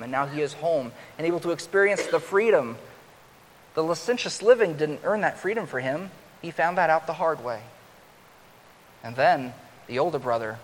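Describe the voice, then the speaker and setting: A man preaching a sermon, growing louder and higher as he acts out the older son's complaint. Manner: rises loud and high when acting out the older son's complaint. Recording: long hall reverb with faint hiss.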